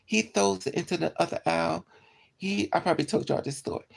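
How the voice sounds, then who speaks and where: A woman casually telling a personal story to her viewers, animated and blunt, with profane slang. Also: fairly quick, gravelly. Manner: animated, swings into high yelps for quoted lines.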